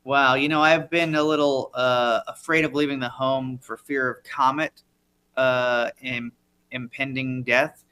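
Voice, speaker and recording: Improv show host guy, bright voice, kinda rambly and deadpan. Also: mid-range voice, measured pace, clear, resonant tone. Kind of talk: hosting live improv show.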